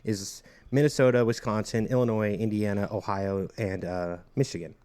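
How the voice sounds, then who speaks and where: A man's voice: lowish voice, steady tone, normal speed, dark tone, smooth. A man co-hosting a casual food podcast, chatty and explanatory, often running through lists of places. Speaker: podcast co-host.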